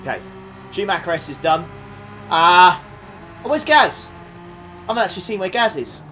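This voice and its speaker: A young man streaming a racing game, reacting excitably with frequent laughs and quick apologies while talking to his chat. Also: high-pitched, slight background noise. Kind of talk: live racing game commentary. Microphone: desktop USB condenser mic.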